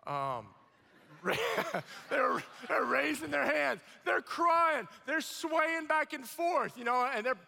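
A middle-aged man preaching a sermon, telling his story with animated acted-out quotes and stammering restarts. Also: extremely high pitch, takes it slowly, gravelly. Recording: long hall reverb.

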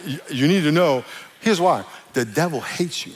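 A man's voice: a little high, expressive, normal speed, husky, in a large hall. A man preaching a sermon, talking directly to the congregation in a playful, joking way. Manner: playful, joking with the congregation, acts out quoted voices; addresses the audience directly. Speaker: pastor.

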